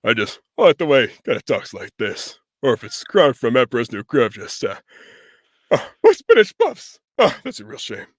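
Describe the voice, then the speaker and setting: A voice actor doing an impression of a dopey man, pulling a throaty voice from deep in the throat and sounding a little out of breath. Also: huge pitch swings, moderate pace, dry recording. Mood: goofy.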